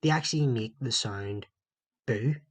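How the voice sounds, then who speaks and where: A man's voice: medium pitch, measured pace, husky. A man with a Northern Irish accent co-hosting a casual podcast chat with mates, telling sweary, banter-heavy stories. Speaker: podcast co-host.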